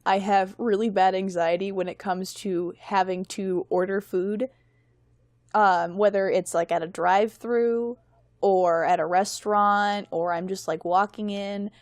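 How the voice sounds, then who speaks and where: A woman's voice: mid-range voice, no echo. Rambling young woman telling stories, dry sound. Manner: rambling and self-mocking, quick laughs. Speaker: guest. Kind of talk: casual storytelling on a podcast.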